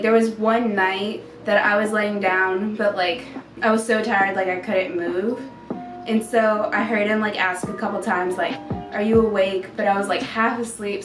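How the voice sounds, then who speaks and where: A young woman talking casually about her boyfriend, chatty and full of "like". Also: mid-range voice. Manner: chatty, lots of "like". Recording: roomy, distant, music behind.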